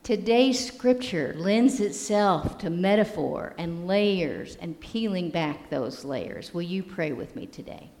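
Slow-speaking woman preaching a sermon. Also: on the low side, animated, a little mellow. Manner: unhurried, storytelling, measured. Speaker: pastor. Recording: long reverb of a hall.

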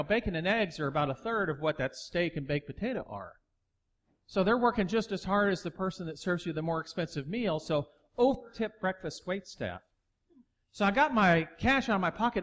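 Man, middle-aged, pastor, sermon, high-pitched, storytelling, emphatic preaching. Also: animated, fairly quick, a bit bright. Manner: storytelling, acts out dialogue, builds to emphatic preaching.

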